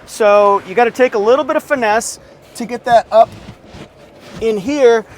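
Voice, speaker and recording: A man's voice: very high-pitched, moderate pace, a little hiss or hum. A man reviewing a car from inside it in a casual, upbeat walkthrough with joking asides.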